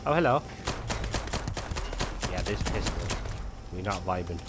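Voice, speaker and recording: A man's voice: deep voice, animated, a little slow, very noisy. A young man chatting casually while he streams a game, rambling with lots of fillers. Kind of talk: casual gameplay chat.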